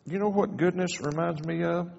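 Pastor guy preaching, highish voice, dull sound with a long church echo. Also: steady tone, normal speed, gravelly, a little mellow, slight background noise. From Kentucky. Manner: folksy, storytelling, playful asides to the congregation. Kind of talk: sermon. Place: church sanctuary. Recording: dull lo-fi sound in a reverberant hall.

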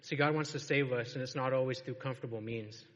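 A man's voice: mid-range voice, fast, lo-fi sound. Casual, laughing male preacher. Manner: casual, storytelling, laughs often. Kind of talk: sermon. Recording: long reverb of a large hall.

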